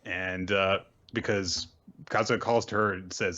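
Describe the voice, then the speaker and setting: A man's voice: fairly low pitch, fairly even intonation, moderate pace, bright, forceful tone, dull audio. A man hosting a casual recap show, talking in an offhand, wry and profane way with plenty of fillers. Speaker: host of a manga recap show.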